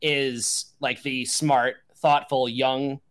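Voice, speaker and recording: A man with a faint Long Island accent talks in a loose, casual podcast chat. His voice is bright and forward, with a middle pitch. He rambles and restarts his sentences often. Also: little pitch movement, very slow. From Long Island, New York. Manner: rambling, with many restarts and fillers.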